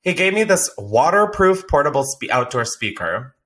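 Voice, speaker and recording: A man hosting a casual podcast chat, his voice bright and forward. He laughs often, swears freely, and tells stories with lively energy. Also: a little high, normal speed. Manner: laughs a lot, swears, animated storytelling. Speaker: podcast host.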